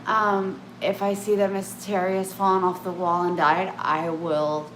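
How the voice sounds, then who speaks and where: A woman's voice: on the low side, flat delivery, unhurried, fairly bright tone, a little hiss or hum. A woman vlogging in casual, rambling chat to camera, often breaking off and restarting, candid about herself. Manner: meandering, self-interrupting, candid. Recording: echoey room with faint ambience.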